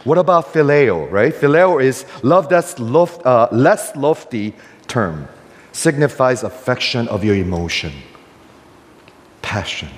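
An older male pastor preaching with lively, swooping pitch that climbs and falls. He presses his points with rhetorical questions, and his voice hangs in the long reverb of a big hall. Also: takes it slowly. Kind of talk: sermon.

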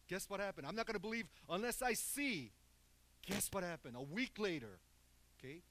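A man preaching a sermon who swings between quiet, hushed murmurs and loud, emphatic outbursts, often checking in with his congregation. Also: a little high, slight background noise, low-quality recording. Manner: keeps checking in with the congregation with "okay?" and "people". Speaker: pastor.

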